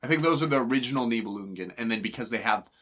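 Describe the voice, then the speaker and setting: A man co-hosting a casual film podcast, laughing often and acting out characters in high silly voices. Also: animated, very fast, a bit bright. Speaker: podcast co-host. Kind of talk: casual film discussion chat.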